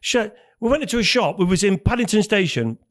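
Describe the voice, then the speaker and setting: High, wildly expressive male podcast co-host. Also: fast. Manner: sweary, exasperated ranting with mimicked robot prompts. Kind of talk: casual chat.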